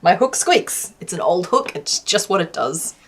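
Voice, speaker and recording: This crochet streamer, a young woman with a Western Australian accent from the state's southwest, talks casually with viewers as she works, frequently laughing and poking fun at herself. Her lowish voice has a sing-song lilt, a fairly bright, breathy quality, and normal speed.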